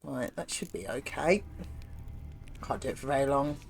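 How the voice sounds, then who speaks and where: A woman's voice: very deep voice, moderate pace, creaky, soft background music. A woman chatting casually as a streamer while playing a game, rambling and self-mocking. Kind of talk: casual chat while gaming.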